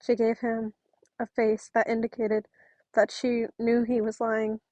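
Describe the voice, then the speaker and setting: A woman with a slightly high voice reads fan fiction aloud in a casual, chatty way. She breaks off for asides and restarts. Her home microphone sounds dull and dry, with no room echo. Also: completely flat delivery, measured pace, darkish tone. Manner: chatty, self-interrupting, apologetic asides.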